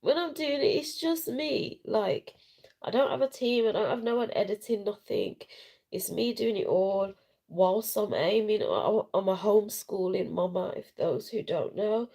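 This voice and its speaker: In a mid-range, mellow voice that's a little slow, a woman vlogger weeps during a casual live video. She speaks frankly through her tears, rambling with slang and swearing. It was recorded at home by herself with no sound check beforehand.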